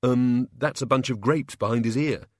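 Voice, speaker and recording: A man's voice: mid-range voice, normal speed, dry recording, studio quality, natural voice. A man voicing a hesitant, faltering male god of hangovers.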